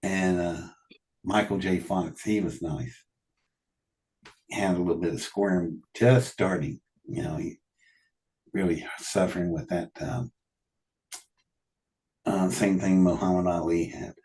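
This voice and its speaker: A man telling animated anecdotes in a casual conversation, often laughing and quoting what people said. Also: low voice, slow pace, pauses often. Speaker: guest telling stories. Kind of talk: casual storytelling.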